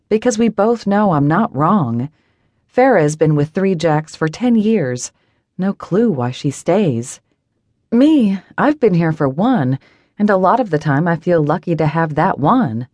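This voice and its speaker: A woman narrating a first-person audiobook, telling the story in an expressive, wry manner. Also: low voice, a little slow, dry recording, clean studio sound. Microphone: studio microphone, dry booth.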